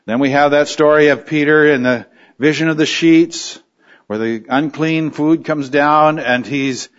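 A man's voice: on the high side, steady tone, a little slow, highs cut off. A man preaching an expository sermon, teaching in a conversational way and now and then acting out short quotes. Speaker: pastor.

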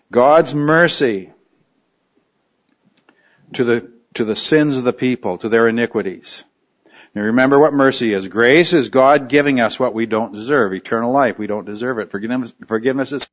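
A man preaching a verse-by-verse sermon in a relaxed, talky teaching manner, his voice sitting in the middle of the usual male range. The recording is a bit dull and lo-fi. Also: mid-range voice. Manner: conversational teaching with short acted quotes. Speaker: pastor. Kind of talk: expository sermon.

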